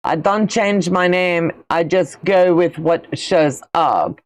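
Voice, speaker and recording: A woman's voice: fairly low pitch, slow pace. A middle-aged woman, hosting a casual quilting livestream in a chatty, folksy way while answering viewer comments. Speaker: quilting channel host.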